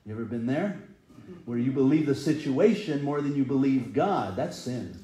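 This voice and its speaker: A man's voice: medium pitch, lively intonation, moderate pace, mellow, echoey room, rough recording. A middle-aged man preaching a sermon earnestly, sometimes acting out people's cries. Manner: earnest, rises and falls in intensity, acts out quoted cries. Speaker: pastor. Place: church sanctuary.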